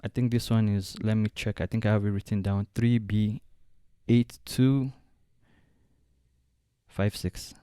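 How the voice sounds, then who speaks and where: A man walking through a design software tutorial step by step, thinking aloud as he clicks along. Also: fairly low pitch, fairly even intonation, a little slow, pauses often, clear, resonant tone, no room sound, studio quality. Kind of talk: screen-recorded software tutorial.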